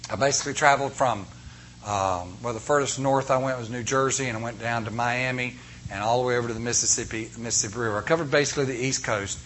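Animated male preacher with a bright, forceful voice. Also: mid-range voice, quick pace, slight background noise. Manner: animated, builds to loud emphatic peaks. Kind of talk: sermon with storytelling.

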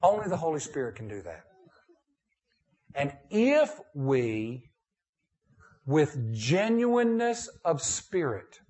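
A man preaching a sermon as pastor, moving between emphatic and hushed tones. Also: a little high, big pitch swings, takes it slowly, pauses often. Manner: preaching with rising and falling intensity, dropping to a hushed prayer.

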